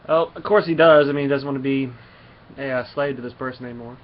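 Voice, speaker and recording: A man's voice: medium pitch, steady tone, quick pace. A man casually reviewing a comic book and retelling its story in a rambling way, with many fillers. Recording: slightly muffled, faint background hum.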